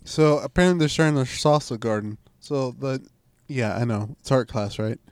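A young man telling stories in casual chat, animated and swearing, acting out quotes in a raised voice. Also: mid-range voice, normal speed, clear, resonant tone, no echo. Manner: animated storyteller, swears, acts out quotes loudly.

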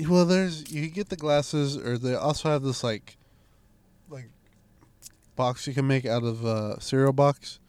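A young man telling stories in casual chat, animated and swearing, acting out quotes in a raised voice. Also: mid-range voice, slow, pauses often, smooth. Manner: animated storyteller, swears, acts out quotes loudly.

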